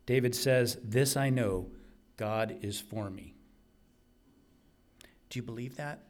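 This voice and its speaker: A man delivering a sermon at a slow, deliberate pace with a mid-range voice. He is earnest and emphatic, repeating key lines to drive them home. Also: mid-range voice. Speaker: preacher.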